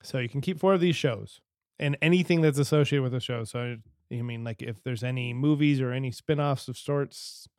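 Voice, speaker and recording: Laid-back podcast host, dry close sound. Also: male voice, medium pitch, normal speed, darkish tone, no echo. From Utah. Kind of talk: casual chat.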